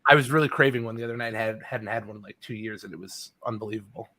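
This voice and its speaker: A man's voice: fairly low pitch, fast, bright, forceful tone. A man from New York, a guest musician in casual chat, rambling with lots of fillers.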